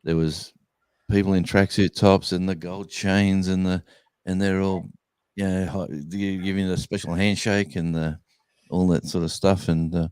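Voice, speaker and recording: A man's voice: deep voice, level tone, normal speed, a little mellow, clear, resonant tone, dry recording. A man with an Australian accent telling a rambling story in a casual chat, full of fillers and restarts. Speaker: guest musician.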